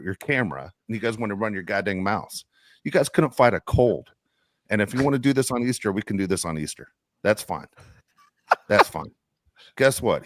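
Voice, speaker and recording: Deep-voiced man ranting on a podcast. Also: no echo, clean studio sound. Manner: heated, profane, repeats "dude". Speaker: podcast co-host. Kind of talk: casual podcast rant.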